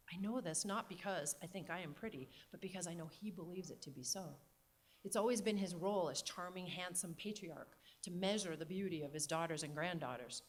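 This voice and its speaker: A middle-aged woman telling a personal story on stage with wry, deliberate comic timing. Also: fairly low pitch. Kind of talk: live storytelling performance.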